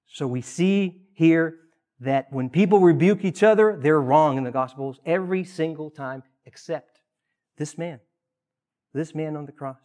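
A man's voice: on the high side, unhurried, dark tone. A man preaching a sermon, earnest, with emphatic rises and repeated phrases.

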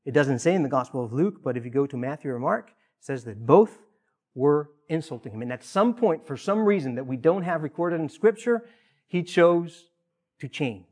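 A man's voice: fairly high pitch, expressive, darkish tone. Earnest male preacher giving a sermon. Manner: earnest, rises in emphasis on key points with pauses and repeated phrases.

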